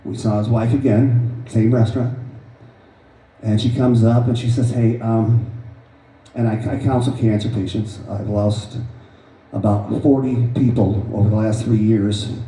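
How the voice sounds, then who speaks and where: A man's voice: on the low side, level tone, a little slow, warm tone. A man giving an earnest, emphatic storytelling speech to a live audience at an event. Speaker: author presenting his book. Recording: roomy echo, voice far from mic.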